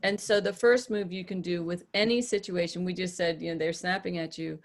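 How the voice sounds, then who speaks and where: A woman's voice: on the low side, steady tone, a little fast. A woman hosting a podcast as a relationship coach, talking to a small group in a direct, matter-of-fact way and acting out examples.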